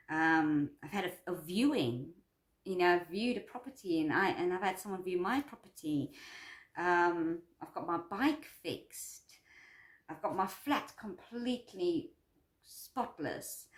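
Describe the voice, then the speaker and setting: A woman's voice: fairly low pitch, roomy sound. A woman doing a personal check-in vlog about her course, talking in a rambling, repetitive, upbeat and self-affirming way. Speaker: vlogger and course creator.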